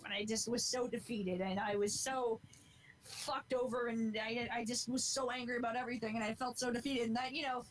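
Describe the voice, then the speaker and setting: A young woman in her twenties talking on a podcast, with a voice that sits a touch high. She rambles in an earnest, heartfelt way and swears freely as she goes, with a faint noise in the background. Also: a bit bright, rough recording. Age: 20s. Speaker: podcast co-host. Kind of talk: casual chat.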